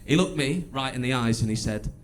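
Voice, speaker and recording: A man with a Stoke-on-Trent accent performing a stand-up comedy set on a club stage, chatty and wry, with bursts of loud mimicry. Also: medium pitch, animated, a little fast, slight background noise. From England. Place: comedy club stage before a live audience.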